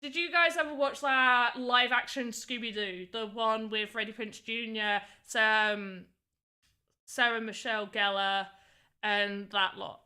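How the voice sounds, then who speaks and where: Chatty young streamer, bright, slightly high voice, casual rambling delivery. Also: female voice, fairly even intonation, unhurried. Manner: chatty, rambling, frequent "like" fillers. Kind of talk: casual livestream chat while making voxel art.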